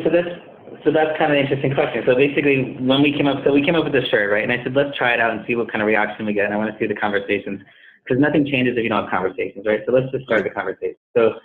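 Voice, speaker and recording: A man, a company head, telling stories as a guest in an interview and acting out the voices of past conversations. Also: medium pitch. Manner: animated, acts out dialogue in retold conversations. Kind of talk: storytelling interview answer. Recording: tinny phone-like line.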